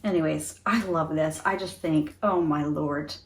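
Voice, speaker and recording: A woman's voice: sits low, a little slow. Chatty middle-aged woman vlogging. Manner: chatty, earnest, laughs often. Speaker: beauty vlogger. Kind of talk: casual talk to camera.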